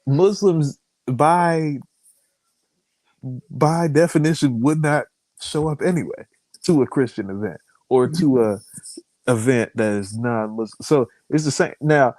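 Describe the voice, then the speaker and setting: A man co-hosting a podcast, talking in a relaxed, rambling way, restarting his sentences often in casual opinion chat. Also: mid-range voice, measured pace, long pauses, no room sound. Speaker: podcast co-host.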